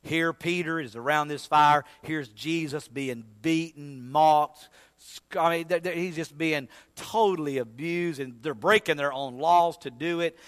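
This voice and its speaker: A man preaching a sermon with dramatic delivery, swinging between shouting and hushed speech and often repeating words as he builds his point. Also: a little high, a little slow, no room sound, long reverb tail.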